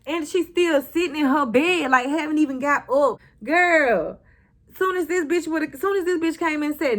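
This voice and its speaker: A woman's voice: sits high, expressive, normal speed, a bit bright. A young woman recapping a TV episode in a casual, sassy, blunt way, swearing and talking back to the characters. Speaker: recap vlogger.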